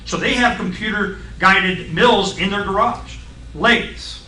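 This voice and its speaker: A middle-aged man on a radio talk show, explaining science in a blunt, folksy, excitable way and acting out voices in his stories. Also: sits high, takes it slowly, reverberant, far from the mic, low-quality recording.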